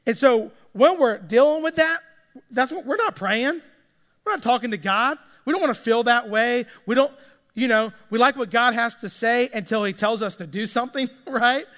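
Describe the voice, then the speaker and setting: A man's voice: very high voice, moderate pace, a bit bright. A man preaching a sermon in a conversational way, often restarting and repeating words. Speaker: pastor. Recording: echoey hall with long reverb.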